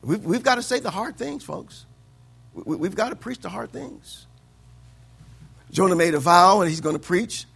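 Preacher, male, high and bright, call-and-response delivery. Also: animated, normal speed, gravelly, long pauses, breathy edge. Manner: swings from loud declaiming to quiet asides. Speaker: pastor. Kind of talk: sermon.

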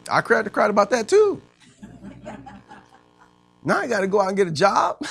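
A middle-aged man preaching a sermon in a folksy way, sprinkling in amens and swinging between loud emphasis and hushed tones. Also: a little high, creaky. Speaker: pastor.

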